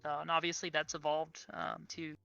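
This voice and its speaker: A woman's voice: sits low, monotone, moderate pace, gravelly, fairly bright tone, dry recording, muffled recording, faint music behind. A young woman speaking as an interview guest in casual chat, earnest and enthusiastic, on an online voice call.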